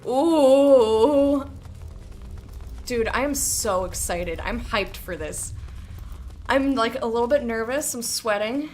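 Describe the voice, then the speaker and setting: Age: young adult. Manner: excitable woman streamer. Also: on the high side, a little slow, soft background music. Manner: excitable, giggly. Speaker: streamer playing a game. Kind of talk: casual gameplay commentary.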